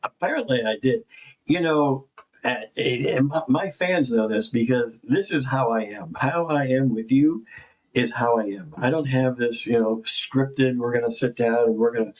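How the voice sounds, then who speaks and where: A man's voice: medium pitch, moderate pace, poor audio. A man, an investigative journalist, talking in a casual, joking way with lots of fillers and restarts. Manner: informal, joking, rambling with fillers. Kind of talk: casual conversation.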